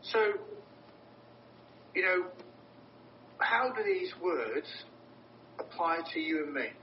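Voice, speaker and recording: A man preaches a sermon earnestly and emphatically, often repeating words for stress. The recording sounds roomy, distant, and dull, with a low rumble.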